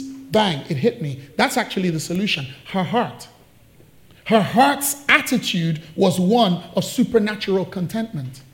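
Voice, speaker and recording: A man's voice: high voice, lively intonation, normal speed. A man preaching a sermon, telling a story with playful asides and jokes.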